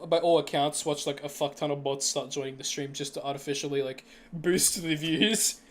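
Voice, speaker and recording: High-voiced laughing male streamer. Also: fairly even intonation, moderate pace. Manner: laughs often, restarts phrases. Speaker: stream host and game developer. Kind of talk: casual group voice chat.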